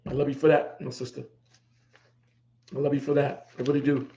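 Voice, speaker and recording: A man's voice: medium pitch, flat delivery, brisk, gravelly, warm tone. A middle-aged man hosting a podcast, talking heartfelt and emotional, repeating himself for emphasis. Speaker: podcast host. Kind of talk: heartfelt livestream talk. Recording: echoey room, dull lo-fi sound.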